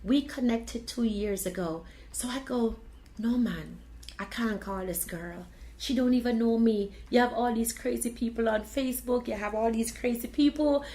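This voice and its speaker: A woman with a fairly high voice tells her own story. She tells it with lively, expressive energy and acts out the dialogue as she goes. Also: moderate pace, low-quality recording. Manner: animated, expressive retelling with quoted dialogue. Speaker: video blogger. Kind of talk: personal storytelling.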